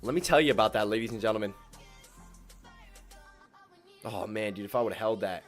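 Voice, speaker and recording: Excitable male day-trading streamer. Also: fairly low pitch, racing, soft background music. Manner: excitable, swings from calm muttering to loud whoops; slangy, keeps addressing viewers as ladies and gentlemen. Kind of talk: live trading stream commentary.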